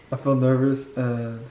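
A woman's voice: a bass voice, mellow, reverberant, lo-fi sound. A woman in casual family chat, nervous and giddy, repeating herself as she meets a newborn. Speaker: mother meeting her newborn niece.

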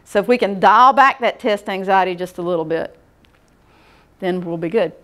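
A woman's voice: medium pitch, normal speed, fairly bright tone. A middle-aged woman giving a casual workshop lecture, folksy and conversational, often checking in with the audience. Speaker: workshop presenter.

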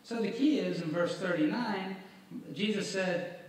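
A man's voice: high voice, moderate pace. A male evangelist preaching and reading scripture, stressing points with rhetorical questions to his listeners. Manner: emphatic, rhetorical questions to the congregation. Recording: very echoey hall, mic far off, faint noise.

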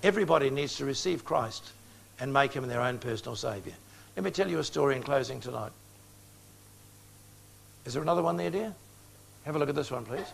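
A man's voice: mid-range voice, expressive, brisk, vocal fry, long pauses, a little hiss or hum. A man in his sixties preaching an evangelistic sermon, speaking directly to his audience and telling stories with acted-out dialogue. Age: 60s. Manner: direct, storytelling, acts out dialogue.

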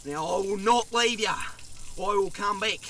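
An actor voicing a panicked dad in an adult cartoon, shouting and swearing as he protects his son. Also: very high voice, unhurried, a little hiss or hum, heavily acted. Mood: urgent.

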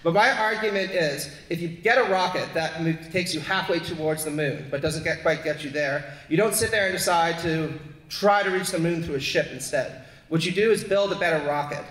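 A man with a fairly high voice argues his case earnestly at a panel. The room is echoey, with a long reverb trailing his words. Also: normal speed, a bit bright. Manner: earnest, argumentative. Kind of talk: academic panel talk. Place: lecture hall.

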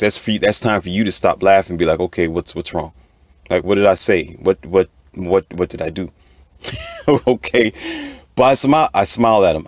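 A man's voice: low voice, no echo. A man, monologuing to his channel's viewers in a preachy storytelling way, repeating "okay" again and again. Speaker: channel host.

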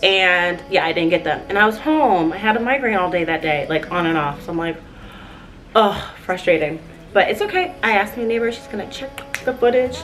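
Young woman, vlogger, chatty and gushing, lowish voice, echoey apartment room. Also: lively intonation, normal speed, over music. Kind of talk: casual vlog chat. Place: her apartment living room.

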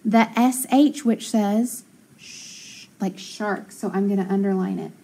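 A woman's voice: medium pitch, moderate pace, creaky, dark tone, husky, poor audio. A woman teacher walking young children through phonics, splitting words into syllables, sounding them out, and praising them.

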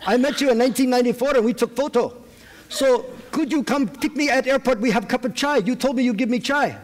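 A man's voice: very high voice, fast, pitched above the performer's own voice. A man doing an eager, pleading foreign-accented friend. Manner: pleading, chummy. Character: fawning male acquaintance with foreign accent. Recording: echoey hall.

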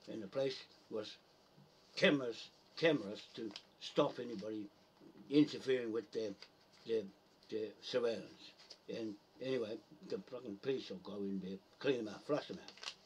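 A man in a rambling rant, angry and cursing, trailing off into mutters as he searches for something. He sits back from the mic, with faint noise and birdsong behind him. His pitch sits in an ordinary middle range. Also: normal speed, darkish tone, distant mic, poor audio. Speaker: video poster.

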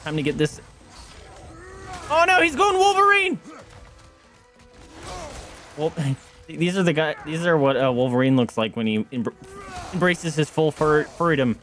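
A young man streaming a game, chatting casually to viewers in a rambling way, with excited yelps and outbursts. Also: on the high side, normal speed, faint music behind. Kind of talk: casual gameplay chat to viewers.

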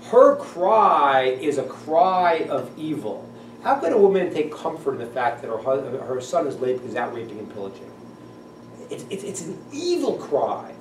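A male rabbi teaching a class in an animated manner, acting out voices and laughing often. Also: fairly high pitch. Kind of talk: class lecture. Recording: echoey room, voice from a distance, faint noise.

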